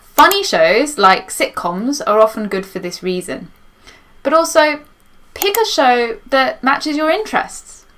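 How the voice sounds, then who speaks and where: A woman gives learners advice in a bright, advising manner, her voice pitched fairly high. She keeps it simple and encouraging. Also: expressive, unhurried. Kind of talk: advice talk.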